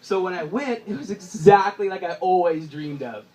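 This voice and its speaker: A young man doing stand-up, telling stories in an animated way and often laughing through his lines. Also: high-pitched, moderate pace, a crowd in the background, poor audio. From Southern California. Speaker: stand-up comedian. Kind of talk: stand-up storytelling.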